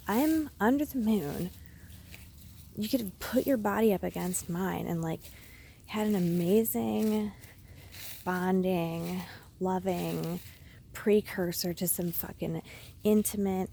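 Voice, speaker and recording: Slow soft-toned woman vlogging, keeps dropping to a whisper then getting loud and sweary. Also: lowish voice, vocal fry, slight background noise. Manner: slides between whispers and emphatic, swearing outbursts. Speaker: spiritual vlogger. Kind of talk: personal confessional vlog.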